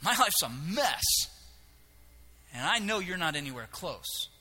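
A man preaching a sermon, animated and humorous, acting out biblical characters in quick asides. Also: on the high side, husky. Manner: animated, acts out voices of biblical figures with humor. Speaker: pastor.

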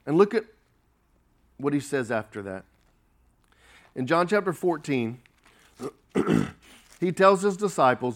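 A man preaching a sermon as pastor, slow and emphatic, swelling and dropping his volume. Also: a little high, lively intonation.

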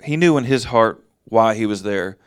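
A man's voice: fairly low pitch, lively intonation, normal speed, smooth, dry recording, clean studio sound. A man giving a casual Bible teaching, reading verses aloud and then explaining them in plain, conversational talk.

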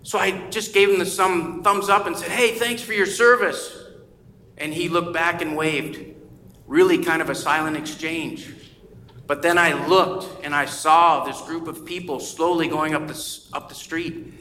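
A man's voice: on the high side, steady tone, a little slow, bright, forceful tone. A male pastor preaching a sermon in a church, telling a story conversationally and acting out the voices he quotes. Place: church sanctuary. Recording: echoey church hall with faint ambience.

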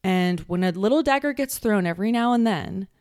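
A woman's voice: mid-range voice, lively intonation, brisk, a little mellow, dry recording, clean studio sound. A woman hosting a casual solo podcast, talking bluntly with swearing and mocking sing-song impressions of other people. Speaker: podcast host.

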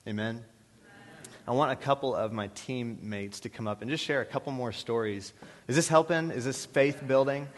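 A man's voice: mid-range voice, moderate pace. A man giving an earnest testimony sermon to a church gathering, with hesitant fillers between thoughts. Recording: reverberant hall.

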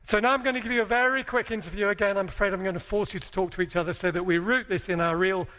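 High-ish british guy giving a seminar talk, joking with the crowd, echoey hall. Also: fairly even intonation, rapid-fire, pushed and bright. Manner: jokey, conversational, asks the audience questions. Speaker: seminar speaker. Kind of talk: conference talk to a live audience. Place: large hall with a live audience. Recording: long hall reverb.

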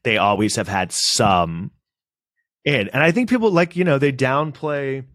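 A man co-hosting a casual podcast chat, animated and profane, often slipping into mocking voices. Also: mid-range voice, a little slow, no room sound, studio quality. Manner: animated, swears, mimics people in quoted voices. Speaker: podcast co-host.

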